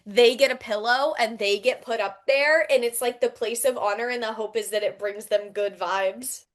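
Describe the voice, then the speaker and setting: A woman's voice: on the high side, moderate pace. A young woman co-hosting a podcast, chatting casually and rambling with fillers. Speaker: podcast co-host. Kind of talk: casual chat.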